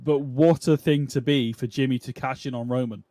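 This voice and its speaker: Brief: male podcast host, relaxed and questioning, mid-range voice, dry close mic. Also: mid-range voice, normal speed, dry recording. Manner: musing, questioning, laughs often. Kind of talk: casual chat.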